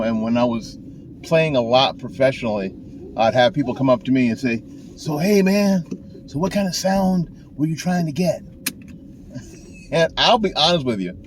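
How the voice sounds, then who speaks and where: Recorded in a car with a little hiss or hum, an older saxophone teacher offers folksy advice to the camera in a medium-pitched voice. He talks casually and rambles, often starting over.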